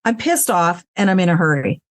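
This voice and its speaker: Frank, animated woman voice actress. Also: on the low side, a little fast, no room sound. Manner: frank, animated, swears freely. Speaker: voice actress and guest. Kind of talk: casual interview chat. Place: home recording space.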